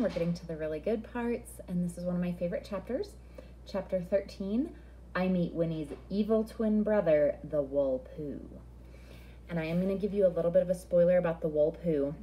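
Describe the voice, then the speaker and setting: A woman reading a children's novel aloud in a friendly, expressive storytelling manner. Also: fairly low pitch.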